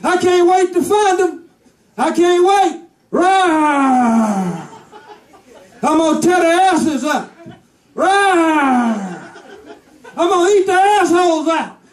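A man's voice: extremely high pitch, normal speed, pitched above the performer's own voice. A man voicing a hungry, savage male lion who roars and laughs as he gloats, recorded in an echoey room from a distance. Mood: gloating roaring.

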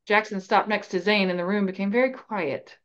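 A woman podcast host reading a fan novel aloud in an even, steady storytelling voice, on a slightly dull recording. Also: mid-range voice, a little fast.

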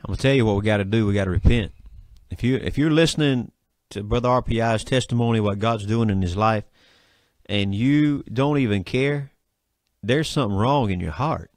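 A man's voice: on the low side, a little fast, darkish tone, dry recording. A male radio host urging listeners to repent, speaking in an exhorting preacher's manner into a studio mic. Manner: urgent, exhorting. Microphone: studio microphone.

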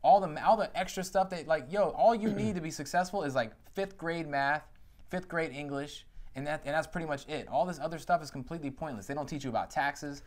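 A man in his thirties co-hosting a casual podcast chat, talking in an animated, emphatic way with a lot of slang. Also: fairly high pitch, brisk. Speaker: podcast co-host.

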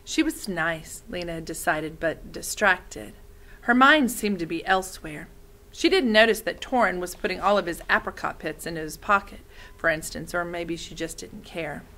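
A woman's voice: fairly low pitch, moderate pace, sharp tone, low-quality recording. Woman, reading aloud, friendly, explains words along the way. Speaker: reader of a children's novel.

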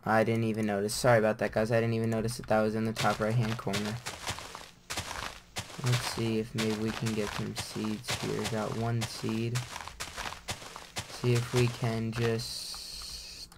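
A man's voice: fairly low pitch, flat delivery, a little slow, long pauses, very noisy. A man giving casual gameplay commentary, rambling and thinking aloud as he plays. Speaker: gamer.

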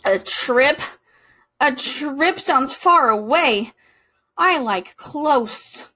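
A woman voicing a timid, fussy male goose in a children's storybook reading, worried and slow, drawing out her words. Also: high-pitched, big pitch swings, a bit bright, breathy edge, heavily acted.

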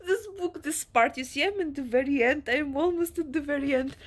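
A woman's voice: high voice, fairly quick, hardly any pauses. A woman book vlogger talking emotionally about her reading, overwrought and repeating herself, sometimes dropping to a whisper. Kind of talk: emotional reading-vlog chat.

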